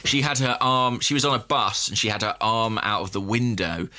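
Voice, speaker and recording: A man's voice: fairly low pitch, normal speed, sharp tone. A man co-hosting a football podcast, telling a long self-deprecating anecdote in casual chat. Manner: self-deprecating storyteller, laughs at own mishaps. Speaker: podcast co-host.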